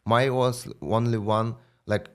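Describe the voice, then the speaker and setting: A young man from Ukraine with a Ukrainian accent, a professional boxer chatting in an interview in halting, non-native English, full of fillers and restarts. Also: medium pitch, steady tone. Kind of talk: casual interview chat.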